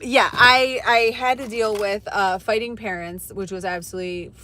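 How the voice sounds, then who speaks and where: A young woman chatting casually to her live stream viewers, animated and full of fillers and swearing. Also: medium pitch, moderate pace, a little hiss or hum. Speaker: livestreamer. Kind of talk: casual storytelling to a live chat.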